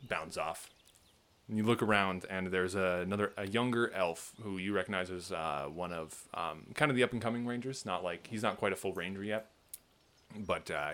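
Low-voiced relaxed game master. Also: male voice. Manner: relaxed, unhurried, many uh fillers. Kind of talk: narrating a tabletop game.

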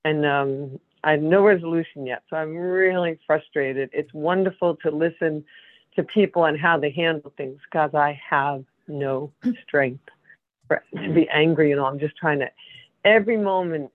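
A woman's voice: low-pitched, no echo. Weary, drained woman on a tinny phone line. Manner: weary, halting, breaking off mid-sentence. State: worn down, emotionally drained. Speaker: caller in a support group. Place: condo apartment.

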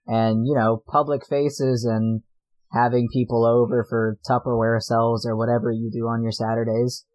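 A man's voice: medium pitch, little pitch movement, normal speed, a little mellow, natural voice, poor audio. A man voicing a reserved young loner who speaks hesitantly during a tabletop role-play. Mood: earnest. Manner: hesitant, musing.

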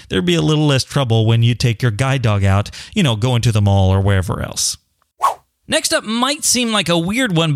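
A man's voice: a little high, dry recording, clean studio sound. A young man talking casually about living with sight loss, often acting out the questions people ask him. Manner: animated, acts out quoted voices, chuckles often. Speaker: blind advocate speaking on sight loss. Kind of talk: casual solo talk to camera.

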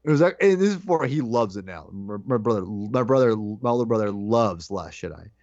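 A man in casual podcast chat, telling an animated story and acting out his own shouted lines. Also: lowish voice, a little fast, no room sound. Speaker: podcast guest co-host. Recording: dull lo-fi dry sound.

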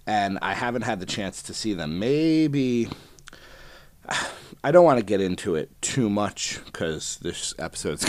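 A man's voice: lowish voice, a little mellow, dry recording. A man hosting his own podcast, chatting casually and rambling with lots of fillers and restarts. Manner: rambling, self-deprecating, many fillers. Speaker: podcast host. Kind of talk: casual solo podcast chat.

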